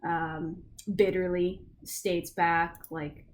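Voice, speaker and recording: Low-voiced woman narrating as game master. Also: flat delivery, extremely slow. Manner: casual, filler-heavy narration.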